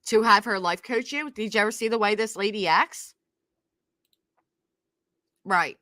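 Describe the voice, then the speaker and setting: A woman's voice: medium pitch, a little slow, sharp tone, no echo, clean studio sound. A middle-aged woman hosting a reaction commentary, sarcastic and scornful, repeating herself for emphasis. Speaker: commentary channel host.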